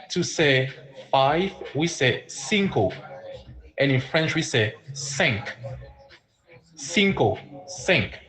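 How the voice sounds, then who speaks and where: Casting: man, slightly high voice, unhurried, coaxing livestream language tutor, faint music underneath. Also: fairly bright tone, low-quality recording. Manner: slow, patient, spells words letter by letter; calls out viewers by name, coaxing. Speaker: online French tutor, livestream host. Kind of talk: casual livestream lesson.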